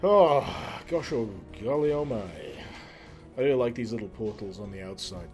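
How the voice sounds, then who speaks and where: Male streamer, mid-pitched, jokey live game commentary over faint music. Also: expressive, measured pace, a little mellow. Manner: playful, exclaiming, chatty with jokes.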